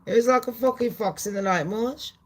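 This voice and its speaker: A woman giving swearing, animated gossip commentary on her channel. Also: on the high side, brisk. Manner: animated, swearing, laughing asides. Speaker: commentary vlogger.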